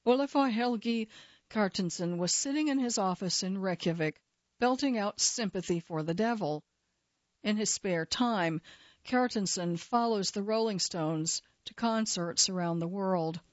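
A woman narrating a true-crime story in a measured, steady scripted delivery. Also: medium pitch, no echo. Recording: slightly dull, dry studio sound.

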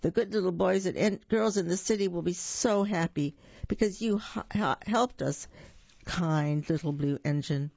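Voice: medium pitch, moderate pace, vocal fry, a little mellow, no room sound. A reader voicing a cheerful little male toy clown who keeps urging everyone on, on a dull, slightly lo-fi recording. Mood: eager. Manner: eager, encouraging.

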